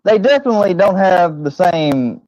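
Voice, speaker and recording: A man's voice: sits high, sing-song, moderate pace, a little mellow, dry recording, lo-fi sound. A man ranting on a livestream, angry and stammering, swearing often. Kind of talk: heated livestream rant.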